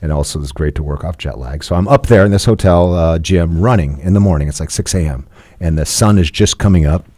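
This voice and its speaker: A man in his fifties telling a personal story as a podcast guest, playful and animated, laughing often. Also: low voice, fairly quick, dry recording. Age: 50s.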